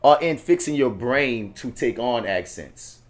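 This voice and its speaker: A man, a stage actor, chatting in a relaxed, frank way. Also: medium pitch, measured pace. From New Orleans. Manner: relaxed, frank, laughs easily. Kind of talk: casual podcast chat.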